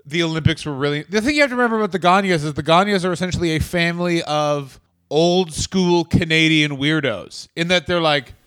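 A man's voice: fairly high pitch, fairly quick, fairly bright tone, clear, resonant tone, dry recording. A man in his thirties co-hosting a comedy podcast, ranting in casual chat with profane bursts of mock outrage. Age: 30s.

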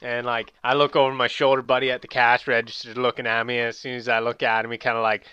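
Young male host, bright and crisp, dry close sound, loose profane storyteller. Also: medium pitch, flat delivery, fast, no room sound, muffled recording. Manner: rambling, profane storytelling, loud bursts when amused. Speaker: podcast host. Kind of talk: casual chat.

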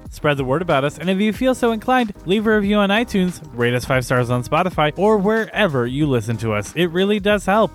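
A man's voice: high-pitched, big pitch swings, brisk, few pauses, soft background music. A man hosting a casual podcast, talking in a rambling way with frequent laughs and fillers; Spanish is his first language. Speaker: podcast host.

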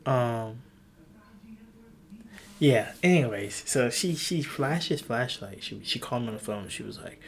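A man's voice: mid-range voice, lively intonation, unhurried, long pauses. A young man rambling on his own podcast from a room at home, self-mocking, loose and profane. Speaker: podcast host. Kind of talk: casual solo podcast rambling.

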